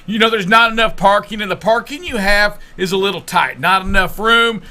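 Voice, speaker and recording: High, bright-voiced joking male co-host. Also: a little fast. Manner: teasing, playful, animated. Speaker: radio show co-host and producer. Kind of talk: casual joking banter.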